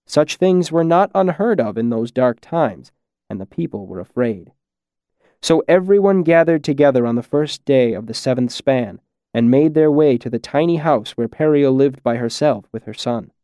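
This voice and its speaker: A man reads a fable aloud at a measured, steady pace. His voice sits mid-range and the recording is close and completely dry, with no room sound. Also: medium pitch, smooth, no room sound. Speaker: narrator. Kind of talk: storybook narration.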